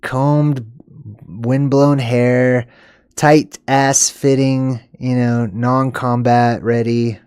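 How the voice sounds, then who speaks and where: Drawing out his words, this man speaks in a medium-pitched, clear and resonant voice with little pitch movement. As a video host he rambles casually over news clips, chuckling and shifting between loud comments and muttered asides. The studio sound is clean, with no room sound.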